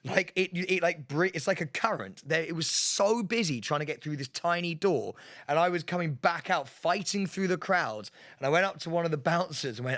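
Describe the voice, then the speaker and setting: Lively bright-voiced man telling a story. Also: a little high, a little fast, no room sound, clean studio sound. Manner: animated, laughing storyteller acting out quotes. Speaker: podcast co-host. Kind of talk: casual storytelling chat.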